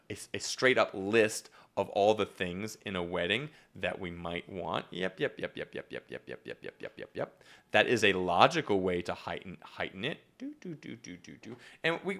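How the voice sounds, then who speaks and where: Young guy on a stream breaking down jokes, lots of yep yep yep, voice shoots way up when he acts stuff out. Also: gravelly. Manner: animated, jumps into acted-out bits with big pitch swings; repetitive fillers (yep, okay), restarts. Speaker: comedy writing coach. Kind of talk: live-stream joke writing session.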